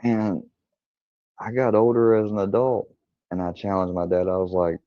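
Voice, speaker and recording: A man with a lowish, level voice streams live at a moderate pace, rambling through personal stories with plenty of profanity. He acts out other people's lines in quoted voices. The recording is dry, dull lo-fi stream audio.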